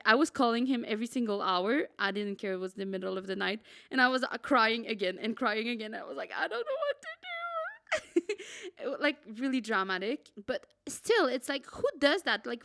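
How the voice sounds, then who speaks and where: A young woman, a podcast co-host, telling a travel story in a dramatic, excitable way and saying "like" a lot. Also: a little high, fairly quick. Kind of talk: casual storytelling.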